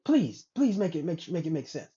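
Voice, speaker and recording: A woman's voice: low-pitched, big pitch swings, normal speed, mellow, pitched below the performer's own voice. A woman putting on an exasperated customer who pleads for a straight answer, on a dull recording.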